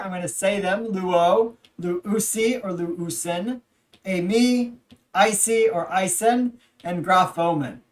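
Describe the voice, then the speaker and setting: A language instructor giving a recorded lecture, patiently explaining and leading repeat-after-me drills with frequent pauses and fillers. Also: medium pitch, recorded from a distance.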